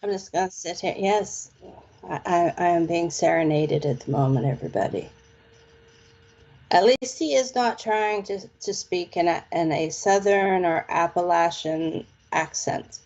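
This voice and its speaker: A woman's voice: lowish voice, measured pace, a little mellow, lo-fi sound. A woman doing a casual live palm reading, chatty and playful with slangy phrases. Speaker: psychic palm reader.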